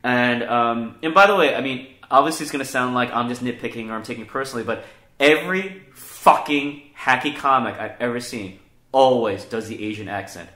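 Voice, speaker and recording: Man, comedian host, bright tone, profane animated rant, echoey room. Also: medium pitch, brisk. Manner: profane, animated, rants with mocking quoted voices. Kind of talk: casual chat.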